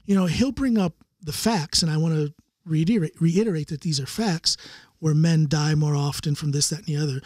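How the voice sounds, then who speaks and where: A man's voice: on the high side, a little fast, few pauses, a little mellow, dry recording, clean studio sound. A man hosting a podcast in casual conversation, rambling and thoughtful with restarts. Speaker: podcast host.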